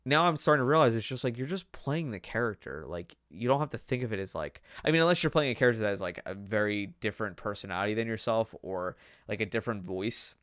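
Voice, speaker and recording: A man's voice: lowish voice, animated, quick pace, few pauses, fairly bright tone, clean tone, no echo, studio quality. A young man hosting a podcast, chatting casually in a rambling way with lots of fillers. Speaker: podcast host. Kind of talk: casual chat.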